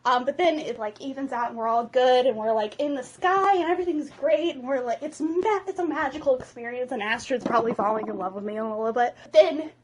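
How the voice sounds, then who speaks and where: A woman's voice: high-pitched, fairly quick, few pauses, slight background noise. A woman vlogger giving a comedic movie retelling from memory, casual, profane and rambling.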